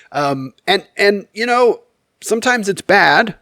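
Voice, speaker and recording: A man's voice: high-pitched, expressive, takes it slowly, bright, forceful tone, no room sound, studio quality. Rambling, wry man telling a story. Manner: rambling and candid, with many fillers and self-corrections; wry, self-deprecating humor. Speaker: YouTube storyteller. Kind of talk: casual storytelling monologue.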